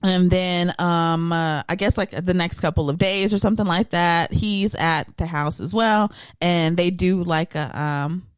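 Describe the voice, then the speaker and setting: A woman hosting a casual podcast chat, retelling a story with lively energy and acting out the voices of the people in it. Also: lowish voice, unhurried, few pauses, clean tone, dry recording. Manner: animated storyteller who acts out voices. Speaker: podcast host.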